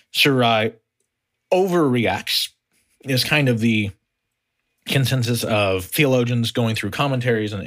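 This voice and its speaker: A man's voice: medium pitch, fairly bright tone. A man teaching a conversational Bible study on a podcast, explaining animatedly and often restarting his sentences. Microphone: podcast microphone.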